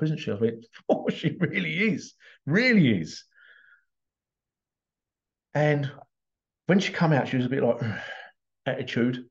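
A man's voice: medium pitch, a little mellow, lo-fi sound. A man telling a story as a parent in a casual motivational talk, acting out the voices of the people in it. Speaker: parent giving life advice.

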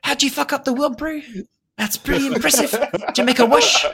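A man's voice: very high-pitched, normal speed, vocal fry, a bit bright, voice pushed up, exaggerated voice. A man voicing a laid-back older male monk with a New Zealand accent who calls people bro. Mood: teasing. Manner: casual, calls everyone bro.

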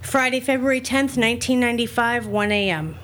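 A woman's voice: a little high, brisk, slight background noise. Woman reading an intense personal letter. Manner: hesitant chat, then steady, intense reading. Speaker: live reading performer.

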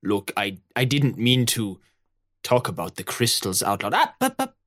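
A man's voice: lowish voice, huge pitch swings, moderate pace, fairly bright tone. A man voicing a flustered female pirate captain who stammers and backpedals.

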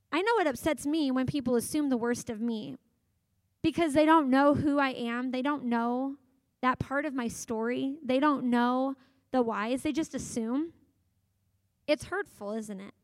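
A woman in her thirties giving a sermon in a conversational, animated storytelling manner, acting out quotes from her family. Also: sits high, no echo. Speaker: pastor.

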